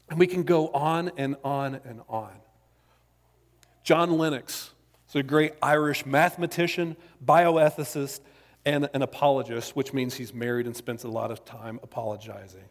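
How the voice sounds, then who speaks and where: A man's voice: on the high side, normal speed. Man preaching in a reverberant hall. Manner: conversational preaching with jokes and asides. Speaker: pastor. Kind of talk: sermon. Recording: long reverb of a large hall.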